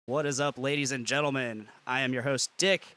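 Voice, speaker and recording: A man's voice: medium pitch, steady tone, a little fast, very noisy. A man hosting a podcast in casual chat, rambling and chuckling as he jokes around. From US Midwest. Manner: rambling, chuckling, loose and joking. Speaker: podcast host.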